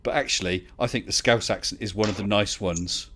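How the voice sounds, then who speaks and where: A man's voice: lowish voice, fairly quick, a bit bright, slight background noise. A man from the UK hosting a casual live online chat, chatty and teasing, laughing often. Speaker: livestream host.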